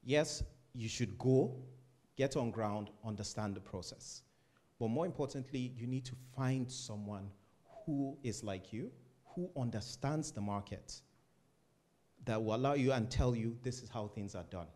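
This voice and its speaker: A man from Africa, a startup founder, speaking casually on a panel and acting out loud conversations with a laugh. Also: mid-range voice, measured pace. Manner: animated, acts out loud phone talk with laughter.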